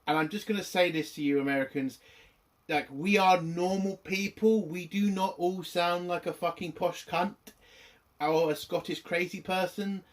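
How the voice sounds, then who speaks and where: A man's voice: high-pitched, steady tone, moderate pace. A young British man with a British accent giving a casual, sweary spoken TV review full of fillers. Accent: British English. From Britain. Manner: sweary, ranting, lots of fillers. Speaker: TV review host.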